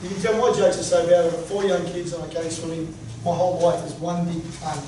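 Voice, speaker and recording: A man's voice: on the high side, a little fast, heavy reverb. Guy running a coaching workshop, joky and punchy, far-off mic, noisy room. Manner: animated, joking, punchy. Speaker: sports coaching presenter. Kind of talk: workshop talk.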